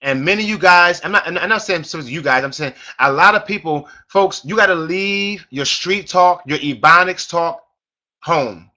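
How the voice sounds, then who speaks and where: A man's voice: on the high side, normal speed, bright, forceful tone, highs cut off. A middle-aged man, a network marketing team leader, giving an emphatic, repetitive motivational sales training on a conference call and calling his listeners "folks".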